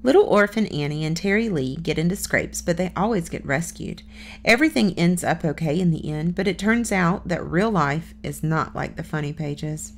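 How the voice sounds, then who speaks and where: A woman's voice: on the low side, expressive, normal speed. A woman reading a children's novel aloud as first-person audiobook narration, plain storytelling with small lifts for dialogue.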